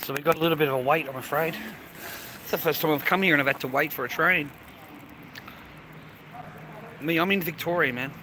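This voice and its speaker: This young Australian streamer, fairly high-pitched and fairly quick with long pauses, talks to viewers from a city street in a laddish, profane way. The audio is poor, swamped by loud traffic and street sounds.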